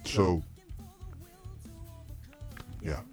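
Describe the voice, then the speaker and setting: A man's voice: very slow, over music. A man hosting a comedy show in casual banter, blunt and easily irritated.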